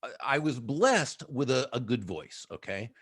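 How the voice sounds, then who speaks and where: A middle-aged man from the Boston area, with a faint local accent, speaks in a mid-range voice that is unhurried and slightly breathy. He's an author and sales speaker appearing as an interview guest, telling stories in an animated way and laughing often. The recording has studio quality with no room sound.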